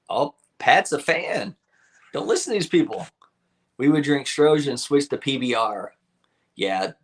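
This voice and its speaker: A man hosting a live stream from home, talking loosely to his viewers. He rambles, laughs often and swears freely in an easy, casual chat. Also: medium pitch.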